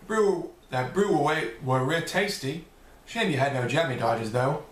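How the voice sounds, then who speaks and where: A man's voice: on the high side, expressive, normal speed, roomy sound, recorded from a distance, natural voice. A man putting on an exaggerated, clumsy attempt at a British accent. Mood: mock posh.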